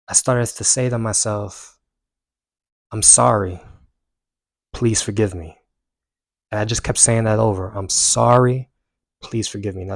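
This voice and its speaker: A young man earnestly recounting a personal story to camera, rising with emphasis and dropping quiet when he reflects. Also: lowish voice, no echo. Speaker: self-help vlogger.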